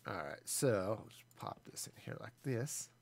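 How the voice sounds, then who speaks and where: A man's voice: fairly low pitch, animated, measured pace, gravelly. A man in his forties chatting casually and self-deprecatingly as he streams a building game. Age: 40s. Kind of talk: casual live gameplay commentary.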